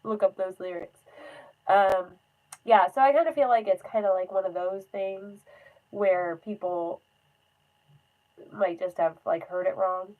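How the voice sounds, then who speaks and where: A woman's voice: mid-range voice, unhurried, pauses often, narrow, tinny audio. A young woman chatting casually on a phone livestream, rambling with lots of fillers and frequent laughs. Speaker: livestream host.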